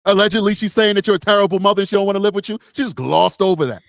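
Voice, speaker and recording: High-voiced man commenting emphatically. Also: rapid-fire, vocal fry, no echo. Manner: emphatic, repetitive, opinionated. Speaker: co-host of a live true-crime show. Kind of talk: live stream commentary.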